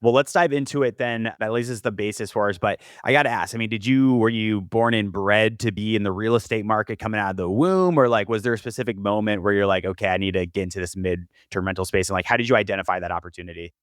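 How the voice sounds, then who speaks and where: A man's voice: fairly low pitch, quick pace, hardly any pauses, clear, resonant tone, dry recording, studio quality. A man hosting a podcast, asking casual, upbeat questions. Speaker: podcast host. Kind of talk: podcast interview.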